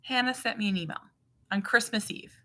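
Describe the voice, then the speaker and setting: A woman's voice: medium pitch, brisk, bright, forceful tone. A woman in her thirties or forties, a mother and channel host, chatting casually and animatedly on a livestream, full of fillers.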